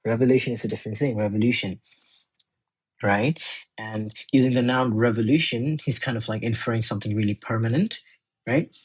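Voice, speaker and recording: A man's voice: medium pitch, breathy edge, low-quality recording. A man tutoring English in a casual exam walkthrough, chatty and often correcting himself as he thinks aloud.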